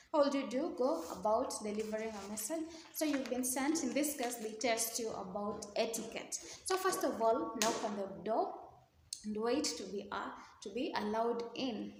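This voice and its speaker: Female teacher, fairly high voice, methodical revision lesson, roomy echo, faint hiss. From Kenya. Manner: explains step by step, repeats key words. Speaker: English teacher. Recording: echoey room with faint noise.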